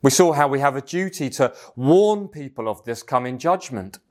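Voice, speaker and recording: A man's voice: medium pitch, lively intonation, moderate pace. A man preaching a sermon in an earnest, emphatic manner. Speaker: pastor.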